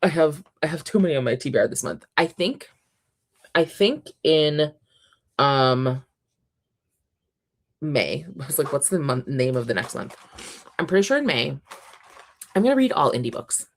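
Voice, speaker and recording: A woman's voice: low voice, very animated, normal speed, pauses often. A young woman hosting a casual book livestream, reading out chat messages and gushing with frequent laughs and ums. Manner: chatty, gushing, laughs often, many ums.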